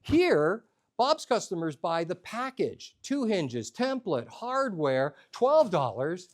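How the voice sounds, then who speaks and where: Quirky hardware store guy, male, played by a man, pitched fairly high and talking with slow, confident salesmanship. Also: sing-song, exaggerated voice. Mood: assured.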